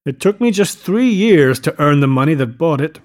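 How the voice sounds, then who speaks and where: A man's voice: a little high, expressive, moderate pace, a little mellow, natural voice. A showy, eager rich young man, as a male audiobook reader puts him on, boasting about his house and calling everyone "old sport". He sounds eager to please and a little anxious under the brag. Audiobook storytelling.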